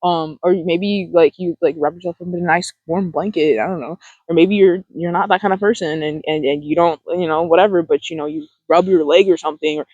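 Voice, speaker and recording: A self-help host talking casually to camera, rambling with fillers and laughs, gentle and encouraging. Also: medium pitch, steady tone, brisk, hardly any pauses, no room sound, muffled recording.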